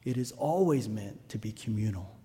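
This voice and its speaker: A man's voice: fairly low pitch, lively intonation, moderate pace, dark tone, in a large hall. A male pastor preaching a sermon, telling stories and asking the congregation rhetorical questions.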